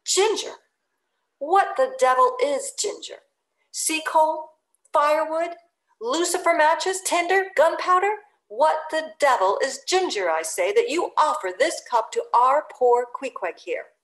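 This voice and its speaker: A woman's voice: high voice, very animated, takes it slowly, few pauses, fairly bright tone, reverberant, pitched above the performer's own voice, full character voice. A woman putting on a blustering sailor mate. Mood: indignant. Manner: indignant, sarcastic rising questions. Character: blustering, mocking male second mate at sea.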